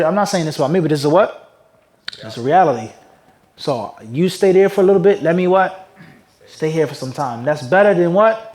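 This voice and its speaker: A man's voice: on the high side, poor audio. Man teaching, quizzing his class aloud. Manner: keeps asking the class "what?" for them to fill in; wide swings in loudness, from loud emphasis to quiet asides. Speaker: Islamic scholar teaching a class. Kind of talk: lecture answering questions. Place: classroom with a live audience.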